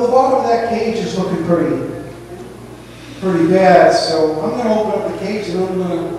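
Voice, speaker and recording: A man's voice: high-pitched, darkish tone, slight background noise. A man preaching a sermon as pastor, in a conversational style that drifts into storytelling. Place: church sanctuary. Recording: echoey church hall from far off.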